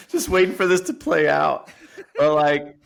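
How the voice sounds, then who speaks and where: Animated man telling a story. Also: fairly high pitch, vocal fry. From Florida resident. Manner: animated storyteller, acts out quotes loudly. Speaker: podcast co-host. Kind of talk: casual podcast chat.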